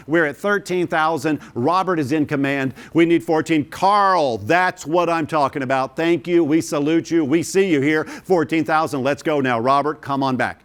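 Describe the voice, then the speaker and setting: A man running a live virtual charity auction, urging bidders on with energetic, rhythmic repeated bid calls. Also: on the high side. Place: studio of a virtual gala broadcast.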